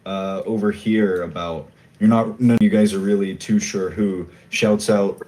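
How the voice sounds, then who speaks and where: A man narrating as game master, in a loose, halting way with many fillers. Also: lowish voice, steady tone, dark tone, poor audio.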